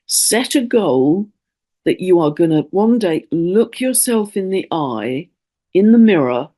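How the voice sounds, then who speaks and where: A woman's voice: fairly low pitch, expressive, slow, dark tone. A woman astrologer talking in a casual spoken monologue, earnest and rambling, often restarting her sentences and at times stirred up with emotion.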